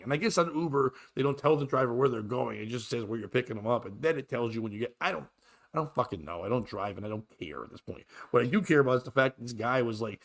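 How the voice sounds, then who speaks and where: A man's voice: medium pitch, lively intonation, quick pace. Exasperated middle-aged man ranting. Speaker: podcast host. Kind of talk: solo comedic storytelling.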